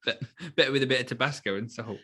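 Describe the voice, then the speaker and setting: This is a man bantering on a film review podcast, tossing in dry, teasing jokes. His voice is bright and forceful, at a middling pitch. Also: steady tone, fast. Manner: dry teasing one-liners. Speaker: podcast co-host.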